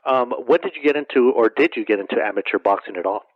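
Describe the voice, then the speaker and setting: A man's voice: medium pitch, fast, dry recording. A man interviewing a guest, asking long rambling questions full of fillers. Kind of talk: casual interview. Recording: dull, dry lo-fi sound.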